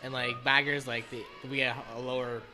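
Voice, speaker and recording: A man's voice: medium pitch, flat delivery, over music. A young man from Canada, a guest who works in a grocery store, talking in casual chat with swearing and plenty of "like". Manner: fast, swearing, many "like" fillers.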